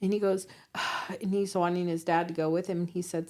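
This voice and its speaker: A woman in her forties co-hosting a podcast, telling animated stories in casual chat, acting out quotes and laughing often. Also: lowish voice, a little fast. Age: 40s. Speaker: podcast co-host.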